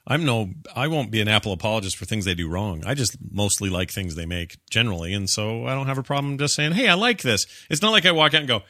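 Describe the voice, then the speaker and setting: A man's voice: fairly low pitch, lively intonation, quick pace, hardly any pauses, pushed and bright, dry recording, clean studio sound. A man hosting a casual podcast chat, talking animatedly and acting out the voices he quotes.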